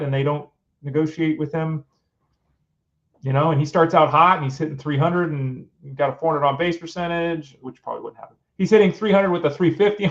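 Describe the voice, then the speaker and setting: Middle-aged male sports show host, fairly high voice, exasperated and rhetorical, muffled lo-fi recording. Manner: exasperated, fires off rhetorical questions. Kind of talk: casual opinionated commentary. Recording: dull lo-fi sound.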